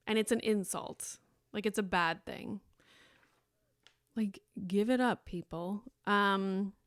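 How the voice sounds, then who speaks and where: A young adult woman hosting a podcast, talking candidly and chattily, with many likes and ums, sometimes mimicking others in a higher voice. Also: no echo, clean studio sound. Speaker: podcast host. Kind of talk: casual solo podcast talk.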